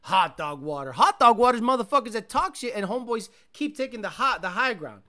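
A man who tunes cars, chatting casually on a livestream, reading viewer comments aloud and ranting excitably with plenty of swearing. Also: high voice, fairly quick, few pauses. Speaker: car tuner livestreaming.

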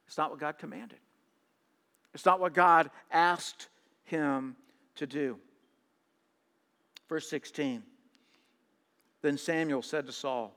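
A man preaching a sermon, reading scripture and explaining it, swinging from hushed trailing lines to loud emphatic reading, sometimes stammering on repeated words. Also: a little high, slow pace, pauses often, big-room sound.

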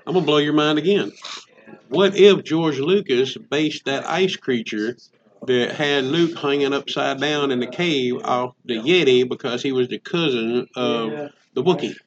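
A man's voice: medium pitch, unhurried. A man hosting a podcast, joking and rambling in casual chat. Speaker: podcast host. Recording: dull lo-fi sound.

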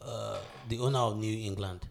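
A man co-hosting a casual group podcast chat, telling stories with lively mimicry. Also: fairly low pitch, a little fast, gravelly. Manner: animated storyteller, mimics voices. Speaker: podcast co-host.

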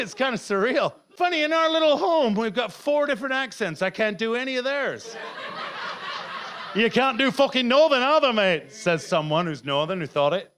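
A middle-aged man performing a rambling, self-heckling stand-up set, now and then bursting into shouts. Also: high-pitched, slight background noise. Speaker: stand-up comedian.

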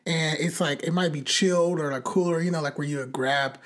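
A young woman with a low voice speaks briskly in casual chat, telling a long story in a rambling, animated way full of fillers and cussing.

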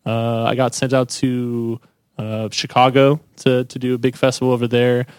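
A man's voice: medium pitch, level tone, moderate pace, smooth, dry recording. Man, guest in a chat show. Loose, rambling delivery in a dry room. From California. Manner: rambling, filler-heavy. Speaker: guest, a glover. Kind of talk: casual interview chat.

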